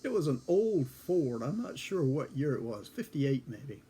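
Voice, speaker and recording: A man's voice: medium pitch, sing-song, measured pace, mellow, a little hiss or hum. An older man in his seventies casually telling a rambling personal story, chuckling often and correcting himself as he goes. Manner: chuckles often between lines.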